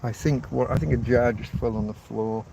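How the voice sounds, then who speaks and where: A man's voice: medium pitch, fairly even intonation, normal speed, gravelly, far from the mic. An older man from England, livestreaming a casual, rambling chat outdoors under an umbrella and swearing casually. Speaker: livestreaming vlogger. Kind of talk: casual live-stream chat. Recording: loud background noise.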